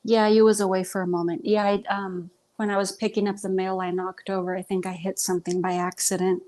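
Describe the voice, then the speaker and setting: A woman's voice: mid-range voice, little pitch movement, brisk, darkish tone. A young woman with a Texan Southern accent, chatting casually on a livestream with lots of ums. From Texas. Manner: chatty, self-conscious, many ums. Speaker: livestream host.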